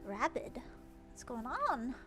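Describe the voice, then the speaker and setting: High bright playful woman streamer. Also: wildly swooping pitch, slow pace, faint music behind. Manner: playful, exaggerated, repeats phrases. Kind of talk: casual game livestream chatter.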